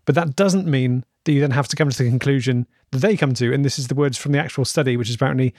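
A man's voice: mid-range voice, fast talker, darkish tone, no room sound. A man from England co-hosting a comedy podcast, reading listener emails aloud with dry amusement. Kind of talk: casual chat.

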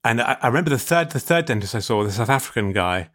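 A man's voice: medium pitch, expressive, fast, a bit bright. A man telling a comic story in casual chat, rambling with stammered restarts. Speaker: comedian, podcast guest.

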